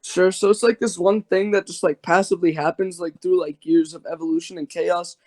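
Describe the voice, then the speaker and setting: A man's voice: high voice, steady tone, fairly quick, a little mellow. A man debating over a voice call, rambling and filling his talk with "like". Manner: rambling, heavy on filler words. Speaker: debater and channel host. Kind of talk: casual online debate.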